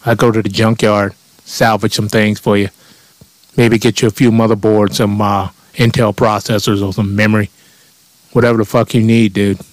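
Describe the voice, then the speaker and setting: Low-voiced man rambling and swearing. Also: level tone, moderate pace, no echo. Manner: profane, rambling, offhand. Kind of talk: rambling comic monologue.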